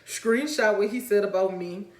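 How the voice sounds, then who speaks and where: A woman's voice: medium pitch, moderate pace. A woman telling a storytime story on her vlog in a chatty, slangy way, laughing often. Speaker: vlogger. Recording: roomy echo, faint music.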